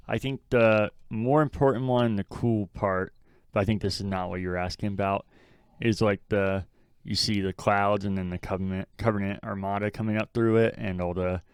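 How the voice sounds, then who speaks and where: A man's voice: lowish voice, steady tone, normal speed, clean tone, no echo, studio quality. A man co-hosting a podcast, talking casually, rambling and swearing freely. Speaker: podcast co-host. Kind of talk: casual chat.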